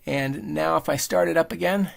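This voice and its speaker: Gravelly-voiced man explaining a lesson. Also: on the high side, moderate pace. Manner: relaxed explaining, thinking aloud while demonstrating. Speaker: engineering instructor. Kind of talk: screen-recorded lecture.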